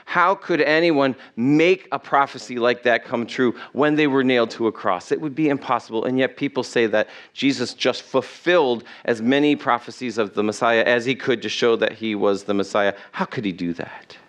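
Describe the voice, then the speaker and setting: A man's voice: mid-range voice, moderate pace, hardly any pauses, a bit bright. A man preaching a sermon to his church in a conversational way, asking his listeners questions. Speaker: pastor.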